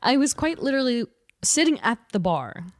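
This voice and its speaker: A woman co-hosting a podcast in casual chat, animated and laughing often, bursting into loud acted-out quotes. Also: a little high, normal speed, no room sound, clean studio sound. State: short on sleep. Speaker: podcast co-host.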